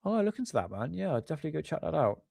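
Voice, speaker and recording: A man's voice: a little high, big pitch swings, very fast, creaky, a little mellow, no echo, studio quality. A man casually hosting a live stream, rambling, apologizing often and swearing offhandedly. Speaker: livestream host.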